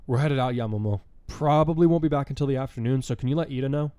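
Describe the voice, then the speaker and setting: A man voicing a relaxed, confident teenage boy hero with a teasing manner in a fan story reading. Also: mid-range voice, fast talker, smooth, dry recording, studio quality, pitched above the performer's own voice, lightly acted. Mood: easygoing. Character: laid-back confident teen boy hero.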